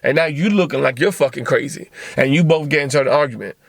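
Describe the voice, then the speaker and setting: A man hosting a podcast, giving a blunt, profane motivational monologue and acting out quick bits of dialogue. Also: a little high, creaky, dry recording. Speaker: podcast host.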